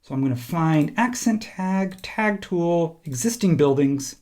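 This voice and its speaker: A man teaching a software tutorial, talking casually and thinking aloud while he clicks through steps. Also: fairly high pitch, animated, measured pace, hardly any pauses. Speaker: instructor. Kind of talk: screen-recorded software tutorial.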